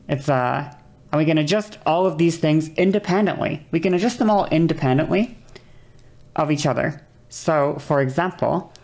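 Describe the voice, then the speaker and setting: A woman with a low, gravelly voice talks casually on a stream, rambling and profane as she explains things. She keeps checking in with her listeners between points. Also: a little mellow. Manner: rambling, profane, repeats okay often; demonstrates voice changes with whispery and high vocal sounds.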